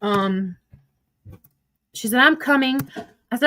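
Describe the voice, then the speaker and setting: A woman's voice: on the high side, normal speed, fairly bright tone, slight background noise. A woman streaming casual commentary, reading text messages aloud in a profane, gossipy way and laughing often. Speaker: social media streamer.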